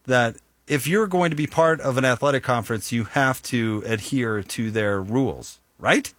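A man hosting a sports talk show, lively and joking, throwing questions to his co-hosts. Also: mid-range voice, moderate pace, dry recording. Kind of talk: casual sports radio banter.

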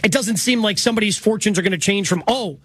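A man's voice: high-pitched, fast, fairly bright tone, slightly rough, no echo. A man hosting sports radio, conversational and steering with questions.

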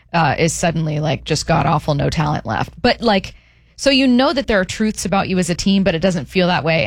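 A woman's voice: sits low, no echo, clean studio sound. Chatty woman hosting sports radio. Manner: chatty, playful, laughing. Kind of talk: casual sports talk banter.

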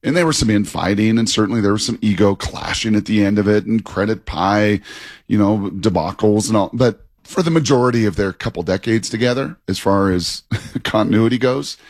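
A man co-hosting sports talk radio, chatty and animated, laughing as he talks. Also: lowish voice, brisk, no room sound, clean studio sound.

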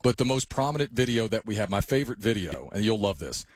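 A man telling stories quickly and eagerly in a casual chat. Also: on the low side, big pitch swings, breathy edge, no echo. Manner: rapid, enthusiastic storytelling.

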